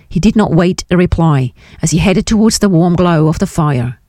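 A woman narrating a novel in a measured, descriptive audiobook reading. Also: on the low side, lively intonation, mellow, no echo, clean studio sound. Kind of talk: scripted narration.

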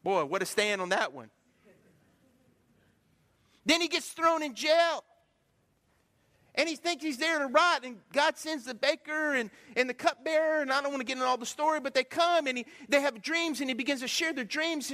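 High, bright-voiced preacher man in a hall. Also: moderate pace. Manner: animated storytelling preacher, swings from loud to hushed. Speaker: pastor. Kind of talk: sermon. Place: church sanctuary. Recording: long hall reverb.

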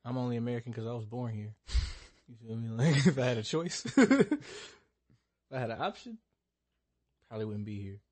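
A young man co-hosting a casual podcast, his voice a little husky. He swings his pitch up and down a lot as he jokes and laughs with his friends. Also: lively intonation, moderate pace, long pauses, a little mellow, no echo. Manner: joking, laughs often. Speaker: podcast co-host. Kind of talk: casual chat.

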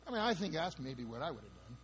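A man's voice: mid-range voice, sing-song, fast, a bit bright, breathy edge, faint music behind. A man preaching a sermon with emphatic, dramatic delivery, acting out the scenes he describes. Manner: emphatic, dramatic, spells words out and acts out quotes.

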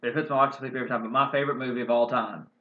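A man's voice: medium pitch, fairly even intonation, very fast. A man co-hosting a podcast in casual chat, speaking thoughtfully and hedging his words. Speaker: podcast co-host. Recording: echoey, dull lo-fi room audio.

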